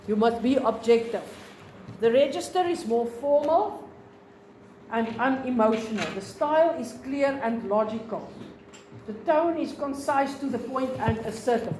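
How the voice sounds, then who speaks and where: A South African woman teaching a lesson, explaining slowly, repeating points and asking the class questions. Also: on the high side, animated, darkish tone, echoey room, a little hiss or hum, poor audio.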